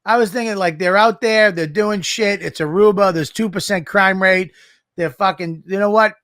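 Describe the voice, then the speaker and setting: Profane animated podcast co-host man. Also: high-pitched, moderate pace, dry recording, studio quality. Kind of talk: casual podcast banter.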